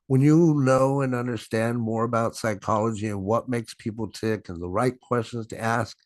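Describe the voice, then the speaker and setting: A man's voice: mid-range voice, dry recording. A middle-aged man giving a business training presentation over a video call, stressing and stretching his words and often checking in with "right?". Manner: frequent "right?" tag questions. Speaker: sales trainer.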